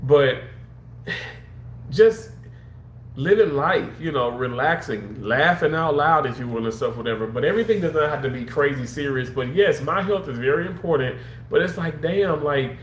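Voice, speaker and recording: A man's voice: fairly high pitch, animated, moderate pace, reverberant, a little hiss or hum. Rambling man chatting on a livestream. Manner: rambling, repetitive, talks straight to viewers. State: slightly under the weather. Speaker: livestream host. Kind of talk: casual livestream chat.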